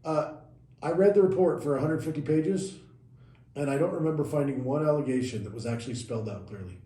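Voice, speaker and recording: A man's voice: on the high side, a little fast, mellow. A man co-hosting a podcast, casually walking through events step by step and correcting himself as he goes. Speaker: podcast co-host. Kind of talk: casual explanatory chat. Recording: roomy echoey room.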